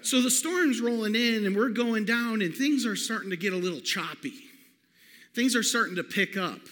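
A man preaching a sermon, telling a personal story in an animated way and calling out to the congregation. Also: sits high, normal speed. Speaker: pastor. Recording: long hall reverb.

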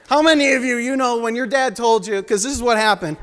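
High-voiced young man preaching in a hall. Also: steady tone, fast, fairly bright tone. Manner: storytelling, joking with the congregation. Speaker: guest preacher. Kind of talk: sermon. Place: church sanctuary. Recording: long reverb of a large hall.

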